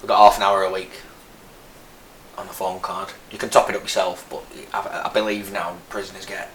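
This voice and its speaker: A deep, level-toned voice belongs to a Lancashire-accented man in his thirties from Burnley, northern England, who talks a little fast with a fairly bright tone. As an army veteran guest in a casual interview, he tells his story frankly, rambling and restarting often. The recording is in an echoey room with faint noise.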